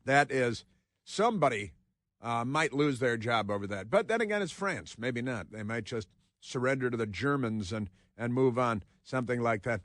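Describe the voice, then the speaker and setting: A man's voice: medium pitch, expressive, normal speed, a bit bright, no room sound, clean studio sound. A man hosting a talk radio show, rambling sardonically between headlines he reads aloud.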